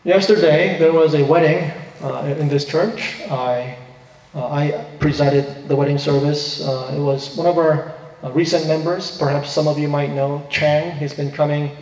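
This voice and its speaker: A man preaches a sermon with earnest force, his fairly high voice climbing higher whenever he quotes a line of scripture. He speaks from a church sanctuary, and the sound rings through a big reverberant hall that carries a long echo behind every phrase. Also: steady tone, a little slow, darkish tone. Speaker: pastor. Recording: echoey hall, distant reverb.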